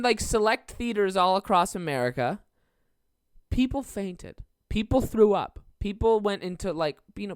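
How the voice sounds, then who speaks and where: Podcast host, solo comedic rant; rambling, profane, filler-heavy, slips into quick impressions. Mid-pitched, dry close sound. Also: fairly bright tone, no room sound. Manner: acts out quoted people in shifting voices. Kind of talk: casual comedic monologue.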